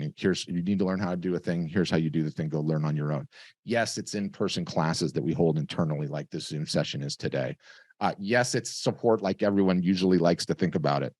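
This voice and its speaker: A middle-aged man hosting a webinar over a video call, giving a lively, conversational sales pitch. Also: dry recording, studio quality. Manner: lively, conversational, tells stories with acted voices. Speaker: webinar host.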